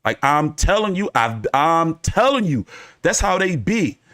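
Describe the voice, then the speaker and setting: Male host, fairly high voice, wildly swinging pitch, casual profane storytelling, boxing commentary. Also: unhurried. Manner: profane, rambling, animated storyteller.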